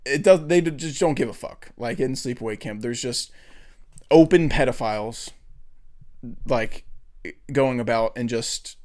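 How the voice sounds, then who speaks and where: A man's voice: medium pitch, a little slow, long pauses, a little mellow. A young man co-hosting a podcast in casual chat, rambling and profane, often laughing as he retells movie scenes. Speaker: podcast co-host.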